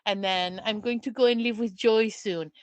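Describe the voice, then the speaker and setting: A woman's voice: medium pitch, steady tone, moderate pace, no room sound, muffled recording, lightly acted. A woman voicing a fussy talking purse with a put-on French accent. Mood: pleading.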